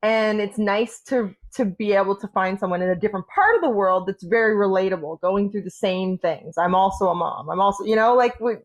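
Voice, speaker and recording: A woman's voice: medium pitch, brisk, few pauses. A woman co-hosting a podcast in casual chat, speaking in a friendly, encouraging way. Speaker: podcast co-host.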